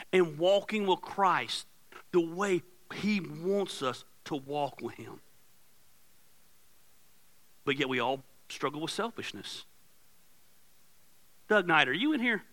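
A middle-aged man preaching to his congregation, swinging his voice up and down as he tells a story about himself. His tone is bright and cutting, and his pitch sits a little high. He plays the other people in the story, loud and exaggerated. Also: rough recording. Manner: animated storytelling, acts out his wife's yelling. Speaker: pastor. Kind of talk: sermon. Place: church sanctuary. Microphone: handheld or headset microphone.

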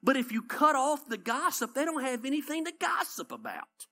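A Southern-accented male pastor delivering a conversational sermon. His voice is bright and his pitch swings widely as he tells stories, hammering his points home through repetition. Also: normal speed. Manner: animated storytelling, repeats points for emphasis.

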